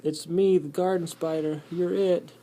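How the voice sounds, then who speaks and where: A man's voice: a little high, fairly even intonation, measured pace, warm tone, voice pushed up. A man voicing a cocky, teasing male garden spider, brash and playful.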